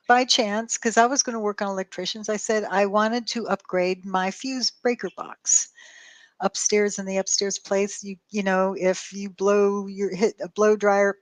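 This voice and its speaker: A woman's voice: medium pitch, no room sound. Woman on a call show telling a story, acts out the dialogue, swears a lot, dry close sound. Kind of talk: casual storytelling chat.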